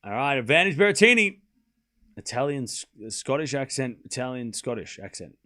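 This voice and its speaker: A young man hosting a live tennis stream. He calls each shot in quick bursts and chats casually with his viewers between points. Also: medium pitch, sing-song, pushed and bright. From Australia. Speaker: stream host and tennis commentator.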